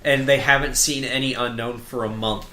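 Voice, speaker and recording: A man co-hosting a casual podcast about a TV series, jumping into loud, exaggerated voices when he acts out characters' lines. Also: medium pitch, steady tone, normal speed, slight background noise. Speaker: podcast co-host. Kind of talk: casual chat. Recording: echoey room.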